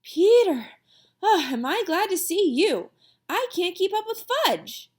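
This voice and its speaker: A woman's voice: extremely high pitch, sing-song, unhurried, darkish tone, voice pushed up, heavily acted. A woman voicing a flustered, doting mother who frets over her small son. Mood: fretful.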